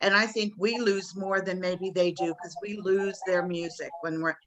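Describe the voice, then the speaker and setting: A woman's voice: fairly low pitch, steady tone, fairly bright tone, poor audio. A woman from the Southern United States with a Southern American accent, co-hosting a casual chat with chatty enthusiasm. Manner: chatty and enthusiastic, quick to laugh. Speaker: podcast co-host.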